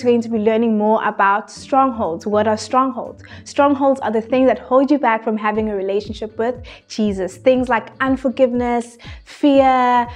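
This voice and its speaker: Upbeat woman introducing a kids' lesson, music behind. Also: fairly high pitch. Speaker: kids' ministry presenter.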